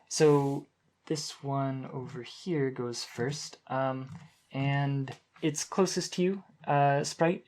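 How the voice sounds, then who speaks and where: A man's voice: medium pitch, darkish tone. Man running a tabletop game. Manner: descriptive, with frequent ums and uhs. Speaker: game master.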